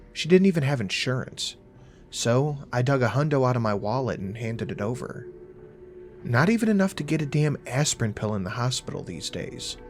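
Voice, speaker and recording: A man narrating a first-person horror story in a casual, profane, wry voice. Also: medium pitch.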